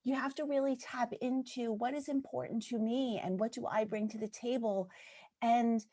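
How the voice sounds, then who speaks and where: A woman's voice: fairly high pitch, steady tone, moderate pace, mellow. A woman from New York, a business and life coach, speaking as a guest in a casual podcast conversation, earnest and often checking in with "right?".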